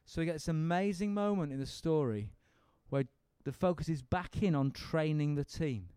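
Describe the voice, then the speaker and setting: A man teaching a Bible seminar, animated and acting out the speakers in the story. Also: on the high side, normal speed, clear, resonant tone, no echo. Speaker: preacher leading a seminar. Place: seminar room with an audience.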